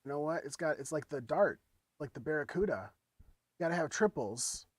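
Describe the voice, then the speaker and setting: A man with a fairly high, lively voice chats a little fast and with lots of profanity while producing music on a stream. He speaks into a dynamic studio mic, with no room sound.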